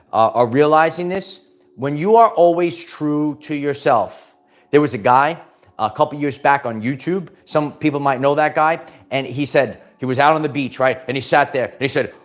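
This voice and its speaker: A man hosting a casual livestream pep talk, rambling and upbeat, motivating viewers and reading out their comments. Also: a little high. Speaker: host.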